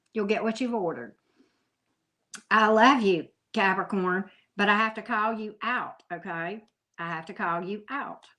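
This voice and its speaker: A woman's voice: medium pitch, a bit bright. A woman tarot reader giving a frank, profane tough-love talk about manifesting, scolding her listeners bluntly. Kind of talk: blunt spiritual pep talk.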